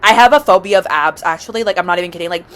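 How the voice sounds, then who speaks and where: A woman vlogger telling a storytime rant, dramatic and swearing constantly, swinging from loud outbursts to low mutters. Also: very fast.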